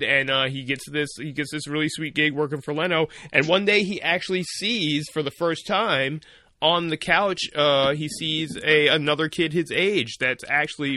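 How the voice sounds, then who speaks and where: A young man co-hosting a podcast, retelling a story in a rambling, animated way with lots of fillers. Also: a little high, no room sound. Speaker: podcast co-host. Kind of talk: casual storytelling chat.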